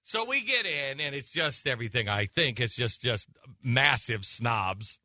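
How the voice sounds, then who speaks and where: In an animated, unhurried way, a forties-aged radio talk host with a medium-pitched, sharp voice spins a funny tale full of sarcasm, digressions, and restarts. He speaks into a close studio microphone, with no room sound.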